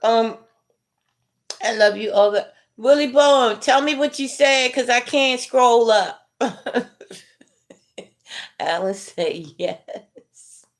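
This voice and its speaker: A middle-aged woman hosting a casual livestream, chatting with viewers in a laid-back, drawn-out way and chuckling as she reads comments. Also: fairly high pitch. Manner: laid-back, drawn-out delivery, chuckling while reading chat. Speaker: livestream host.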